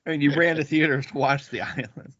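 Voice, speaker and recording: A man's voice: a little high, fairly even intonation, fast, a bit bright, breathy edge, no room sound, dull audio. A man hosting a casual movie podcast, joking and boasting playfully with his brothers. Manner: playful, boastful banter with laughs. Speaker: podcast host.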